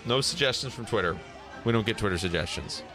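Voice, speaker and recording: Lively-voiced man co-hosting a podcast. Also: fairly low pitch, fast talker, over music. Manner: playful, talks over his co-host. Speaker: podcast co-host. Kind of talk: casual chat.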